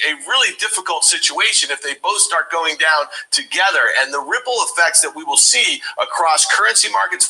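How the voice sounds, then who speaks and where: A man's voice: sits high, bright, forceful tone, low-quality recording. A man giving urgent, emphatic financial commentary on a broadcast.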